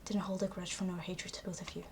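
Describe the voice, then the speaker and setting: A man voicing a remorseful young student killer in a hushed, whispered role-play confession. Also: high-pitched, level tone, fast, background noise.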